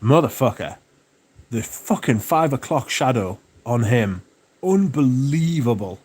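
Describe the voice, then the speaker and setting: A man's voice: medium pitch, unhurried, husky. Sweary man chatting on a livestream. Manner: relaxed, sweary, chatty, enthusiastic. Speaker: livestream host. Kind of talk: casual livestream chat reading viewer comments.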